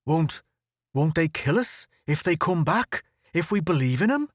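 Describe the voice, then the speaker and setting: A man voicing a gruff, brash big man. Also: on the high side, very animated, a little slow, no echo, clean studio sound, pitched above the performer's own voice. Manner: gruff, blunt. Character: big, gruff, brash Irish male photographer. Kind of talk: audiobook character reading.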